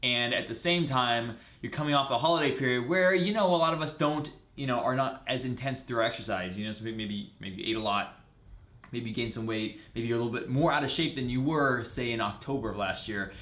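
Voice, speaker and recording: A man's voice: mid-range voice, brisk, a bit bright. A man co-hosting a live running show, chatting casually and listing upcoming races. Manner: chatty, lists race facts from notes. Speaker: co-host. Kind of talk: casual live-stream chat. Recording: roomy echo.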